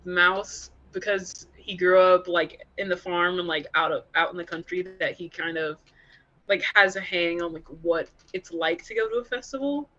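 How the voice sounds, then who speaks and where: A woman's voice: fairly low pitch, normal speed, sharp tone. Female player, casual rambling speech, somewhat lo-fi sound. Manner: chatty, lots of filler "like". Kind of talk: casual tabletop game play.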